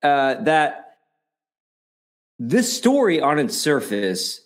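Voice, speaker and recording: A man with a somewhat high voice in a casual book chat, asking long, winding questions and correcting himself as he goes. He is playful and quick to laugh at himself. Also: huge pitch swings. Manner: probing, rambling questions with self-corrections.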